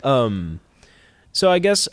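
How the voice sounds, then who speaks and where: A man's voice: medium pitch, slow, no room sound. A young man, a guest composer, chatting casually on a podcast and acting out lines and hummed music as he talks. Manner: animated, acts out lines and hums music.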